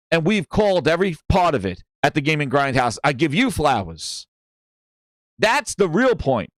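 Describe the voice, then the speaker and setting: A man's voice: a little high, no room sound, clean studio sound. A man hosting a gaming livestream, ranting with profanity and calling out viewers in the chat. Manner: animated, profane, shouting out chat names.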